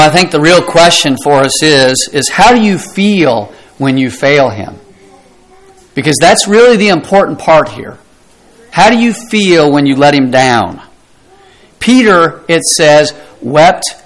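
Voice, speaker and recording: A man's voice: medium pitch, low-quality recording. A middle-aged man preaching a sermon, earnest and emphatic, asking rhetorical questions and dropping his voice for effect. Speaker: pastor.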